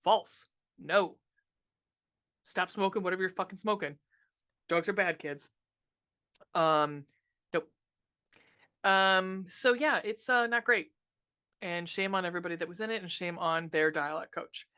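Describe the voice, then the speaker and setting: Woman on a horror podcast, bright voice, swears a lot, rants and says um constantly. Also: on the low side, measured pace, long pauses. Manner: profane, ranting, frequent ums. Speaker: podcast co-host reviewing horror films. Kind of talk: casual movie review chat.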